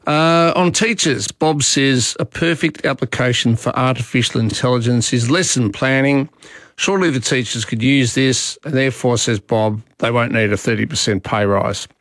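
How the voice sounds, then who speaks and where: An Australian man of middle pitch hosting talkback radio, chatty and opinionated as he wanders between topics. He is recorded close on a studio mic, and the sound is dry with no room around it. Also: moderate pace, fairly bright tone, no room sound. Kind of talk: talkback radio monologue and calls. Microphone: studio microphone.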